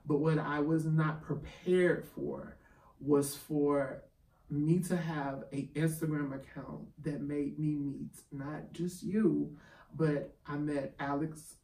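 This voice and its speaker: A man with a somewhat high, gravelly voice speaks in an emotional, heartfelt way. He is recorded in an echoey room with the mic at a distance. Faint ambient noise sits behind him. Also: steady tone, slow, warm tone. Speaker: podcast co-host. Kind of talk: casual chat.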